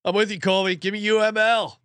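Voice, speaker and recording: A man's voice: sits high, flat delivery, brisk, fairly bright tone, clear, resonant tone, no room sound. A man co-hosting a sports betting podcast, blunt and focused on the numbers. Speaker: podcast co-host. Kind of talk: casual sports betting chat.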